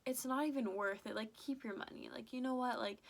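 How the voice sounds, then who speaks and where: Slightly high and a little fast, this young adult woman's voice carries vocal fry. She's a vlogger doing a casual storytime, animatedly recounting a story with frequent "like" fillers and quoted back-and-forth.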